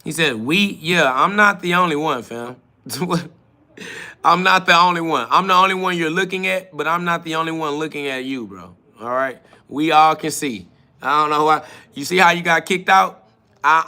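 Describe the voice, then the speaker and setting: Bright-voiced guy on a live stream, cussing out commenters, pretty high-pitched. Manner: confrontational, profane, mocking commenters. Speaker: livestream podcast host.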